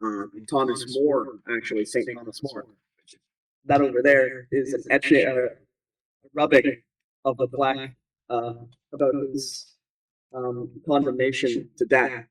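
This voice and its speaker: A man's voice: mid-range voice, flat delivery, unhurried, recorded from a distance, low-quality recording. A man talking casually in an interview, rambling with many fillers, restarts and "you know"s. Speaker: guest. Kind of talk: conversational interview.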